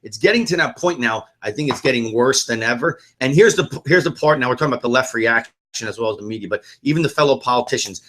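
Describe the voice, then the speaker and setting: A man's voice: medium pitch, lively intonation, quick pace, few pauses, a bit bright. A man co-hosting a political podcast, ranting bluntly and swearing often in casual talk. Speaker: podcast co-host.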